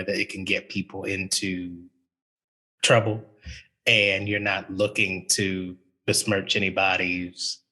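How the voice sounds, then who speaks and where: A man's voice: fairly low pitch, bright, forceful tone, rough recording. A man speaking as a university archivist on a panel, thoughtful and conversational, with frequent fillers. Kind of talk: panel discussion.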